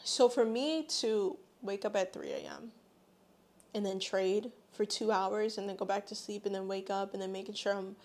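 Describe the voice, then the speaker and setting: A woman's voice: mid-range voice, very animated, normal speed, darkish tone. A pregnant young woman talking earnestly and from the heart in a personal vlog, her words full of faith. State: eight months pregnant. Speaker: vlogger.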